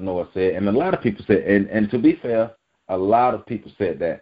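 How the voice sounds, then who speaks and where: A man's voice: on the low side, expressive, fairly quick, lo-fi sound. A man reading a news article aloud and breaking in with blunt, profane asides as a vlog commentator. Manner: blunt, profane, emphatic asides between read-out passages. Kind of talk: reacting to a news article on camera.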